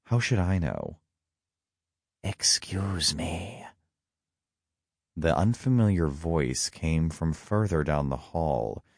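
A man with an extremely deep voice reads a first-person story in a wry, dry manner. His delivery is slow but melodic, rising and falling through the sentences. The recording is close and dry, with no room sound. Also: darkish tone, dry recording. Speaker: narrator. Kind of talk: first-person audiobook narration.

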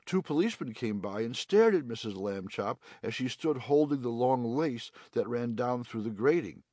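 A man narrating a children's storybook audiobook in an expressive reading style. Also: medium pitch, normal speed, no room sound.

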